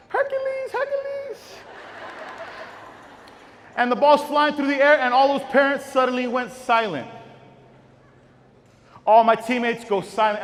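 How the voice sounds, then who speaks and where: A man from giving a keynote speech to educators, leading the crowd in call-and-response chants and telling stories in a hushed voice. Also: very high-pitched, a little hiss or hum. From Texas. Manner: storytelling, dropping to a hushed voice. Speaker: motivational speaker. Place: large auditorium. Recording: reverberant hall with audience.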